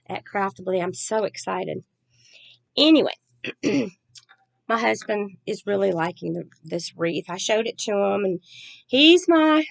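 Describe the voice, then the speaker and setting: A woman chats in a soft-spoken, rambling way while she works at her craft table at home. Her voice sits at a middle pitch. The recording is close and dry. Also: gravelly, no room sound. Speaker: crafting vlogger. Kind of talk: casual chat.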